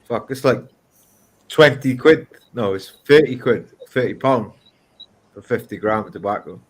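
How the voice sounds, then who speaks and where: A man on a livestream with a mid-pitched voice. He talks casually and hesitantly, working things out aloud with lots of fillers. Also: unhurried, slightly rough. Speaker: guest. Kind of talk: casual chat.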